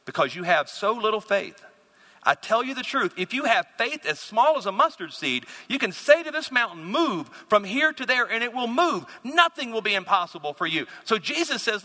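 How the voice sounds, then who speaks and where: A man's voice: high-pitched, brisk. A man preaching a sermon, asking his listeners questions and acting out panicked cries for help in between. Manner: animated preacher, acts out panicked cries and asks the audience questions. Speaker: pastor. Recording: long reverb of a large hall.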